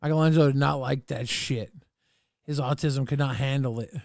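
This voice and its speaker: A man co-hosting a livestream who teases his partner and reads chat messages aloud. His voice sits at a middling pitch. It is recorded dry on a close mic. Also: steady tone, brisk, vocal fry, a little mellow, dry recording. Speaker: livestream co-host.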